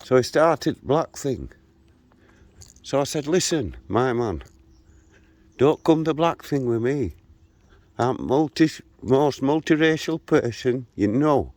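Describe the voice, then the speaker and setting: Slow and mid-range, with frequent pauses, a man in his 60s vlogs while walking through a local park and streets outdoors. He animatedly re-enacts a street argument from his story, on a dry recording.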